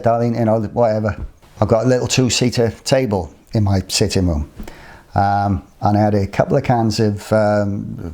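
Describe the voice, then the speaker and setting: A man's voice: fairly low pitch, dark tone. A man telling a personal story in a rambling, colloquial way, often voicing his own past remarks. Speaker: interviewee recounting a personal ordeal. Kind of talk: casual spoken storytelling.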